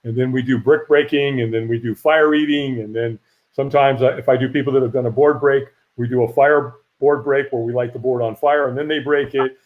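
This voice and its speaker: A middle-aged man, a firewalk instructor, telling a lively story in a casual interview and acting out the voices of people he quotes. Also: medium pitch, brisk. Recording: dull lo-fi audio.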